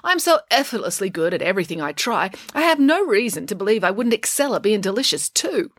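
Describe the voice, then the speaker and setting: A small, vain female pig who sweetly talks a troll out of eating her, as a woman reads her aloud. She is boastful but polite, and her pitch bounces around a lot. The sound is close and dry. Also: big pitch swings, fast talker, no echo. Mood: persuasive. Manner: cheerfully boastful and persuasive. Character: vain, clever, well-mannered little girl pig. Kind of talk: storybook reading.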